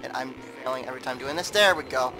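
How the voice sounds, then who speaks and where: A man's voice: mid-range voice, fast talker, over music, rough recording. A man giving casual, rambling commentary over a game playthrough, often repeating words. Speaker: gameplay commentator. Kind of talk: casual let's play commentary.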